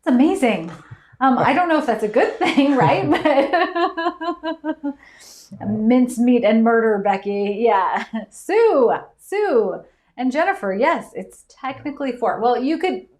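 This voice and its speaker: A woman's voice: sits high, lively intonation, takes it slowly, a little mellow, roomy sound. Bubbly woman hosting live trivia. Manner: bubbly, laughs often, reads viewer answers aloud. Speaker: host of a live trivia stream. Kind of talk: casual live-stream chat.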